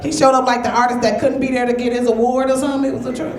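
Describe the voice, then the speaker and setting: Brash high-voiced woman comic. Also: little pitch movement, very fast. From Flint, Michigan, US. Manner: brash, loud, crowd-baiting. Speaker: stand-up comic. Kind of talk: stand-up comedy set. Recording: echoey club with crowd.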